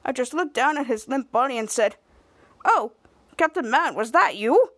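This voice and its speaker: A woman's voice: sits high, lively intonation, normal speed, fairly bright tone, no room sound. Woman putting on a smug boastful villain doctor. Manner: pompous, self-praising.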